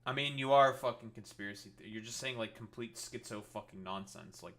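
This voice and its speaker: A man's voice: lowish voice, a little fast, fairly bright tone. A man streaming commentary, ranting in a heated, exasperated way and swearing constantly. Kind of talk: profane political rant.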